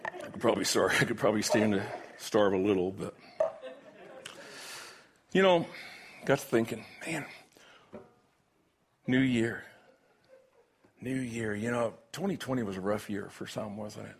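A man who is a pastor, praying and preaching to his church in a folksy, joking way, with halting restarts. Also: fairly low pitch. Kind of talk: sermon with prayer and jokes.

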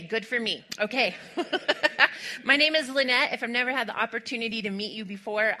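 A middle-aged woman pastor giving a sermon in a church, chatty and laughing often as she tells a personal story. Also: medium pitch. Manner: chatty and warm, laughs often, gets emotional. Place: church sanctuary.

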